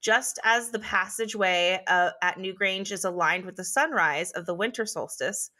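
A woman's voice: medium pitch, moderate pace, sharp tone. A woman co-hosting a casual chat podcast, chatty and giggly, often stumbling over hard words. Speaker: podcast co-host.

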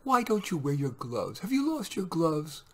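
Storybook wife, nagging, slow and a bit higher, as a man puts her on. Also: wildly swooping pitch, a little mellow, heavily acted. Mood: scolding. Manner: slow, scolding. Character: nagging middle-aged wife.

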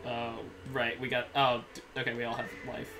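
A young man playing a video game as a guest, excitable and quick to laugh. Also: medium pitch. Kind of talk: casual gaming chat. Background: game music.

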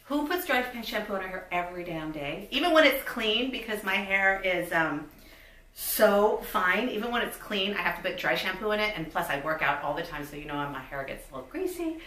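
Woman, 50s, bubbly beauty vlogger, bright voice, recorded a little far from the mic. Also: mid-range voice, very animated, a little fast, reverberant, a little hiss or hum. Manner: bubbly, chatty, reads product labels aloud. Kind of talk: casual unboxing chat.

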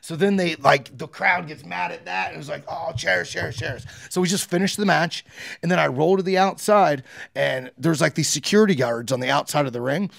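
A man in his thirties tells wrestling stories in a relaxed interview. His voice sits a little high and has a gravelly, fry-laden edge. He acts out quotes with swearing and a lively delivery. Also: a little fast. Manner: animated storyteller, acts out quotes, swears freely. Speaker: pro wrestler and promoter. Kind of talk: casual storytelling interview.

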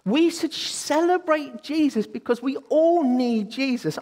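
A man preaching a sermon in a church, excitable and eager. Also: very high voice, unhurried, few pauses. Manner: excitable, bursts into exclaiming. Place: church hall. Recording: long hall reverb.

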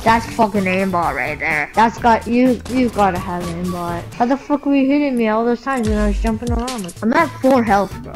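A person with a woman's voice commentating a shooter game, swearing and shouting in frustration at other players. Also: on the high side, a little fast, few pauses. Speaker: gamer. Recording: voice over loud game music. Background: loud game music.

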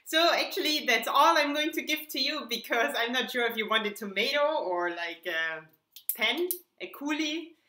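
A woman, teaching a video language lesson and patiently repeating each word clearly. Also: high-pitched, animated, sharp tone. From Germany. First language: German. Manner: patient, enunciates words slowly and repeats them. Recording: echoey room.

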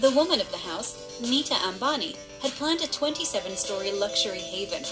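Woman narrating a countdown over loud music. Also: medium pitch, animated, a little fast, rough recording. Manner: teasing, rhetorical. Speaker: video narrator. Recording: played clip with loud music bed.

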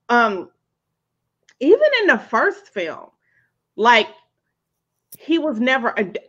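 A woman chatting casually in a movie review, animated, emphatic and profane. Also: on the high side, very slow, pauses often, husky. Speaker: podcast co-host. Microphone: video call. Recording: slightly dull lo-fi audio.

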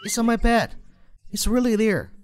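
A man's voice: very high-pitched, moderate pace, darkish tone, a little hiss or hum. An actor playing a pampered rich young man who whines and clings, acting scared. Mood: panicked. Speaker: rich husband, the child's father. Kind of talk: short drama acting.

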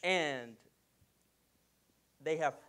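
A male pastor preaches with a fairly high voice and a lively storytelling manner. He jokes with his congregation and acts out the characters as he goes. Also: extremely slow. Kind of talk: sermon.

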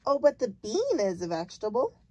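A woman's voice: a little high, huge pitch swings, fairly quick, a little mellow, husky, no echo, full character voice. Woman reading as a polite young girl. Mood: questioning. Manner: polite, careful questions.

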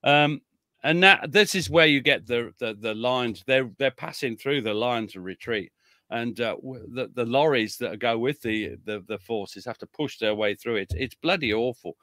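Bright-voiced male historian, chatty and blunt. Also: medium pitch, moderate pace, no echo, clean studio sound. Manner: chatty, frequent restarts and chuckles, blunt asides. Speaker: military historian guest. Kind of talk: casual conversational interview.

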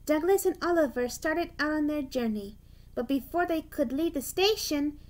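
A woman reading a children's storybook aloud, deliberate with occasional restarts. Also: high-pitched, animated, a little mellow.

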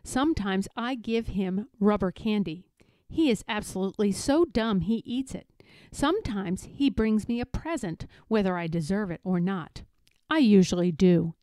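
A woman reading a children's picture book aloud in a playful, expressive, emphatic way. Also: medium pitch, moderate pace, dry recording. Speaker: read-aloud narrator.

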